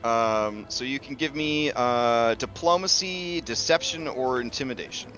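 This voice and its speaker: A man's voice: medium pitch, measured pace, bright, forceful tone, soft background music. A man running a tabletop game as game master, talking loosely and chattily with many fillers and the odd curse.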